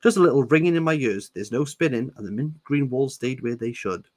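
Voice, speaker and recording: A man's voice: medium pitch, a little fast, darkish tone, natural voice. A man voicing a queasy, wry teenage girl as he reads a novel aloud.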